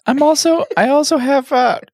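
A man voicing a high-voiced man with a hurt throat, in a squeaky, mock-earnest falsetto. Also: normal speed, darkish tone, dry recording, studio quality.

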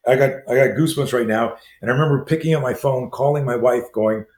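A man in his sixties, a self-defense trainer, telling stories as a guest and acting out quoted dialogue in a lively way. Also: medium pitch. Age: 60s. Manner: acts out quoted dialogue, fast lively delivery. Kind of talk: animated storytelling in conversation. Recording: roomy echo with faint ambience.

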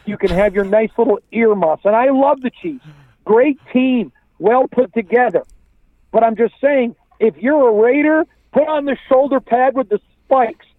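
A man's voice: high-pitched, no room sound. A man giving a fired-up sports commentary as a guest, talking in punchy, preachy commands. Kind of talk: fired-up fan pep talk. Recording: dry tinny phone line.

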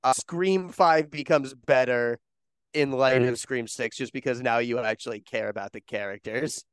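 A man co-hosting a podcast in casual chat, excitable and swearing freely, with lots of fillers. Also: mid-range voice, normal speed, clear, resonant tone, dry recording. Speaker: podcast co-host.

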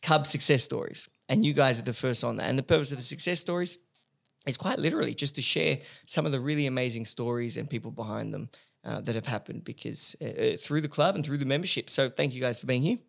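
A man's voice: mid-range voice, fast talker, vocal fry. An upbeat man hosting a podcast in a chatty, casual way, laughing often. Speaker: podcast host. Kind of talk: casual chat.

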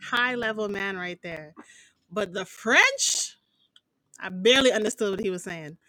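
A woman's voice: medium pitch, very animated, sharp tone, no echo, rough recording. Woman, emphatic and sassy, casual recap talk, dry close sound. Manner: emphatic, sassy, quick asides. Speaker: podcast co-host. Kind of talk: casual chat recapping a reality show.

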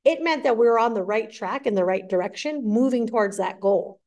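High-voiced woman telling a lively business story. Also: brisk. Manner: energetic, acts out client dialogue. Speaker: guest entrepreneur. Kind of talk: animated storytelling interview.

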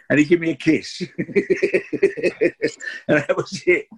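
In his sixties and London-accented, this guest actor spins chatty, meandering stories during an interview, with plenty of restarts and tangents. His husky voice is a little high with a steady tone, at normal speed with long pauses, and slight background noise is present.

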